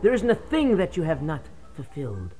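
A woman voicing a calm, solemn elderly male leader who speaks in a reassuring way, with her voice pitched far down. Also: moderate pace, loud music behind the voice, full character voice.

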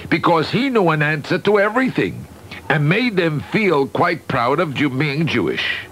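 A man reading a children's story aloud, lively and expressive, with occasional fillers. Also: on the high side, slight background noise, low-quality recording.

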